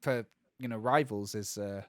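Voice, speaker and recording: A man's voice: fairly low pitch, normal speed, no room sound, studio quality. A man co-hosting a gaming podcast, talking casually and rambling with lots of restarts and asides. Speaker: podcast co-host. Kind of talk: casual chat.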